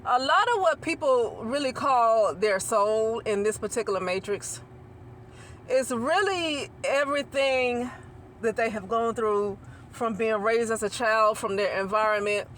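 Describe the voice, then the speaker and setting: A woman's voice: fairly high pitch, moderate pace, fairly bright tone, slight background noise. A woman hosting her own channel, talking through a casual spiritual monologue in a rambling way, often restarting and repeating phrases and asking "okay?" for agreement. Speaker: channel host.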